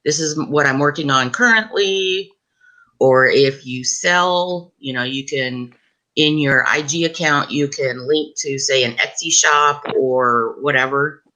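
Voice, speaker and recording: A chatty woman hosting a live stream, her accent sliding between Southern US and Canadian. Her tone is bright and crisp, and she talks in an easy, encouraging way with quick laughs. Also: low-pitched, poor audio. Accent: mix of Southern US and Canadian. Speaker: livestream host. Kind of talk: casual live-stream chat.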